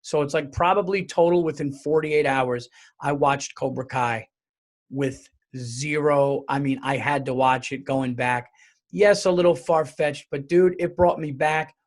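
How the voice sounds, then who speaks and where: A male comedian hosting his own podcast, riffing alone in a loose, rambling, joking way. His voice sits a little higher than most men's, and he speeds up and slows down as he goes. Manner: animated, rambling, jokey with profanity. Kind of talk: casual solo podcast monologue.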